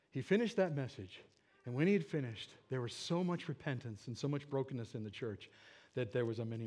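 A man preaching in church, telling a personal story in an earnest way that moves between loud moments and hushed ones. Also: mid-range voice. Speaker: pastor. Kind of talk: sermon storytelling.

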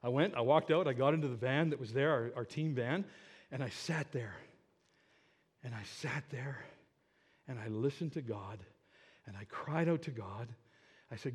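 A man preaching in church, telling a personal story in an earnest way that moves between loud moments and hushed ones. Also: fairly high pitch, lively intonation, moderate pace, breathy edge. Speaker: pastor. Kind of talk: sermon storytelling.

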